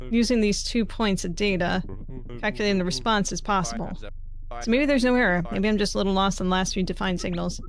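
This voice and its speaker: A woman streamer thinking aloud as she works through a puzzle game, muttering to herself and swearing when she gets frustrated. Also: medium pitch. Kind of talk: casual live game commentary.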